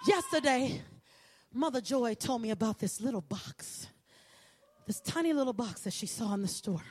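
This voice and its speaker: A woman preaching an impassioned sermon, building repeated lines into ringing shouts. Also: fairly high pitch, expressive, normal speed, slightly rough. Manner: rhythmic repetition, building to shouts.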